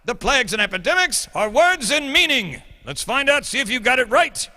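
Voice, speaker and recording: A man's voice: extremely high pitch, sing-song, a little fast, pushed and bright, big-room sound, pitched above the performer's own voice, heavily acted. A man voicing a stern English schoolteacher lecturing his class, in a put-on English accent and a theatrical, schoolmasterly manner.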